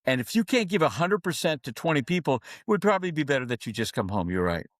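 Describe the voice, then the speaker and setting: A middle-aged man, a keynote speaker, tells a story as a podcast guest and acts out each person's lines as he goes. His voice sits fairly high for a man. The sound is dry and close to the mic. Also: fast, no echo. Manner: animated storyteller, acts out dialogue.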